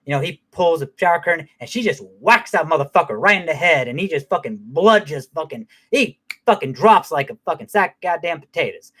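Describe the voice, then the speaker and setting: A man's voice: on the high side, expressive, brisk, hardly any pauses, a bit bright, breathy edge. A man giving a casual spoken movie review, rambling and swearing heavily, with lots of restarts.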